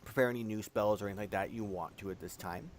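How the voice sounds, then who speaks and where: A man's voice: lowish voice, fast talker, slight background noise. A man who is the game master, casually running a tabletop game online and often hesitating with "um" as he explains the rules. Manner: casual, hesitant with many ums.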